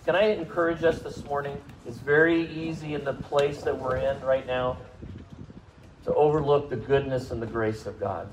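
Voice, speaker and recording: A man preaching a sermon to a congregation, speaking conversationally, asking them questions and rising in pitch and volume for emphasis. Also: fairly even intonation, normal speed, background noise. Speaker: pastor. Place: church service.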